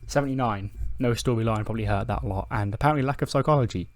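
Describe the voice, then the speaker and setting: A man's voice: medium pitch, rapid-fire, slight background noise. A man casually commentating his own playthrough, chatty and laughing at himself. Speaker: game commentator. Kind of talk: casual let's-play commentary.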